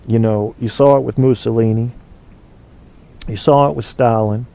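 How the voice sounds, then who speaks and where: A man's voice: mid-range voice, steady tone, normal speed, creaky, warm tone. Rambling opinionated man hosting a show. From United States. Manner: rambling, opinionated, many fillers and restarts. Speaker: podcast host. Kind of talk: casual call-in show chat.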